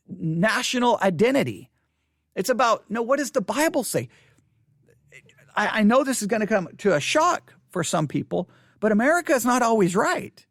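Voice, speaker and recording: A man's voice: very high-pitched, no echo, studio quality. A man hosting a theology podcast, talking in an emphatic, opinionated monologue full of repetition and wry asides. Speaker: podcast host. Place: West Texas.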